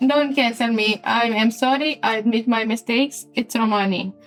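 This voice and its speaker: A woman's voice: fairly high pitch, steady tone, normal speed, faint music behind. A woman player chatting casually during character creation, talkative and playfully apologetic. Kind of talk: casual tabletop game prep chat.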